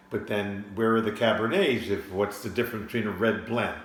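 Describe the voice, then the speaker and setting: A man's voice: lowish voice, fairly even intonation, fairly quick, reverberant. A man working as a sommelier explains wine labels in a casual, rambling way, recorded in a home studio. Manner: rambling, with frequent restarts. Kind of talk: casual explainer talk to camera.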